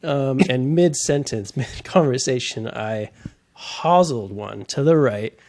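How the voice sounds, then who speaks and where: A man's voice: mid-range voice, a little slow, a little mellow. A man in a casual podcast chat, telling rambling golf stories and laughing often mid-sentence.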